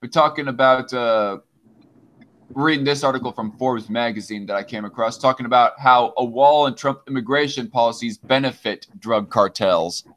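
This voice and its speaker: Speaking in a mid-range, somewhat bright voice at a moderate pace, a podcast host responds to viewer comments as they come in on his loose, casual show. He sounds hesitant, frequently trailing off and starting again, and uses many fillers.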